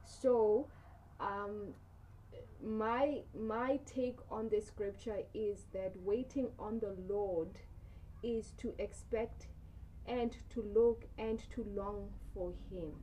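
A woman discussing faith in casual conversation, earnest and measured, often reading scripture aloud. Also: mid-range voice, fairly even intonation, mellow, a little hiss or hum. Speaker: guest.

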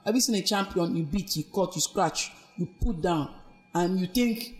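A woman's voice: on the low side, moderate pace. A woman with a Nigerian accent, a podcast guest earnestly recounting her life and weaving in her faith. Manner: earnest, reflective storytelling with faith references. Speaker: guest, abuse survivor. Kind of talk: personal testimony in a podcast interview.

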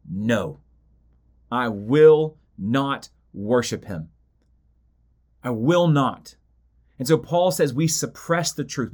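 A man teaching through a book of the Bible, reading scripture aloud and stressing points by repeating phrases and slowing down. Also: fairly high pitch.

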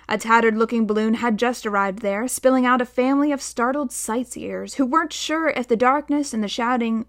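A woman narrating a novel aloud in a steady storytelling manner, voicing the dialogue. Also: a little high. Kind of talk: audiobook narration.

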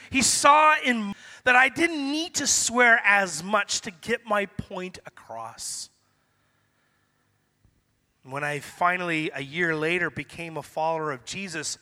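This middle-aged Canadian preacher's voice is high-pitched, animated, and sharp, and he delivers it slowly. Recorded with the long reverb of a church hall, he gives a relaxed, conversational sermon, acting out the dialogue of a story from his own life.

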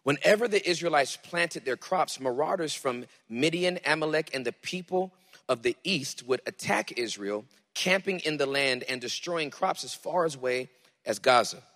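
Bright-voiced pastor in an echoing hall. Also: male voice, on the high side, moderate pace. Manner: dramatic scripture reading, then relaxed teaching. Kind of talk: sermon.

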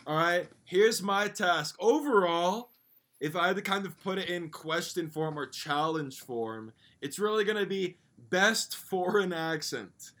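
A man hosting a casual podcast, steering his friends with a bossy, joking manner. His voice sits high for a man. He laughs often and swears freely. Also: animated, a little slow, a bit bright. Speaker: podcast host.

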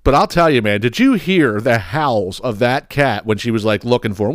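A man's voice: mid-range voice, big pitch swings, normal speed, no echo. A man hosting a podcast, ranting heatedly with plenty of profanity. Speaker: podcast host.

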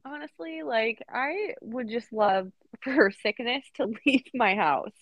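Young female podcast co-host, blunt and sweary, higher voice, dry close recording. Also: expressive, measured pace, no room sound. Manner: blunt and profane, mock-outraged. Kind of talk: casual chat.

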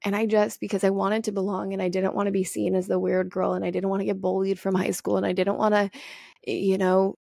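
A young adult woman hosting a solo podcast, telling personal stories in a candid, profane, animated way. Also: medium pitch, fairly quick, creaky, no room sound, studio quality. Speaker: podcast host. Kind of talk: casual solo podcast monologue.

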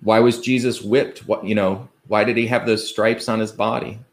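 A man delivers a sermon in a slightly low voice. He speaks earnestly, in a conversational way, asking his listeners rhetorical questions and quoting scripture. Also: level tone, moderate pace. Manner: conversational, with fillers and restarts. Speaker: preacher.

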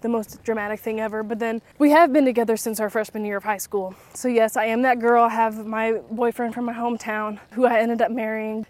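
A woman's voice: fairly high pitch, darkish tone, dry recording. A woman in her twenties hosting a casual podcast while walking around her neighborhood outdoors, slightly out of breath, chatty and rambling with lots of fillers. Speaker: podcast host.

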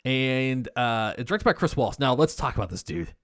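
A man's voice: mid-range voice, lively intonation, normal speed, a bit bright, no echo, clean studio sound. A man co-hosting a horror podcast, chatting casually, swearing now and then and reading out the episode credits. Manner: laid-back, swears, reads out credits. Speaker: podcast co-host.

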